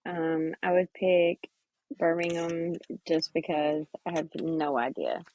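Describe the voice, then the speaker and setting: Female cohost, lowish voice, speaks slowly, short hesitant replies. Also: fairly even intonation, a little mellow, slight background noise, poor audio. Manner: brief, hesitant answers. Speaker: podcast cohost. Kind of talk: casual podcast chat.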